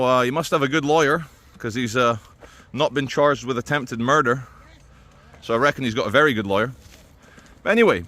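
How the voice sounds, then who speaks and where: A man talking straight to camera in a loose, rambling way, stopping and restarting as he goes. His voice sits at an ordinary, middle pitch, and he drops in dry little asides between his points. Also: bright, forceful tone. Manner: rambling, stops and restarts, many "uh" fillers. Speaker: vlogger. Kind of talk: casual commentary to camera.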